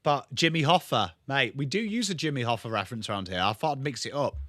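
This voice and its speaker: A man's voice: medium pitch, animated, quick pace, a bit bright, dry recording, studio quality. A young man hosting a live football watchalong, calling the play and chatting with viewers in a casual, swearing, bantering way. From England. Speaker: watchalong host.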